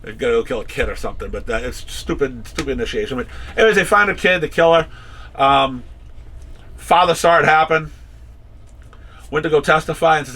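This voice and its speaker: Chatty man with a bright voice. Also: on the high side, animated, a little fast, pauses often. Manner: rambling, with many restarts and acted-out quotes. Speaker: comic shop owner and podcast host. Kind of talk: casual chat.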